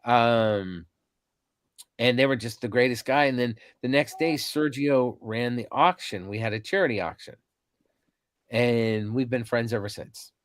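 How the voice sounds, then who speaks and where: A convention organizer in his fifties, appearing as a podcast guest, tells stories in an animated, unhurried way full of ums and restarts. His middle-pitched voice is recorded close and dry, with no room sound at all.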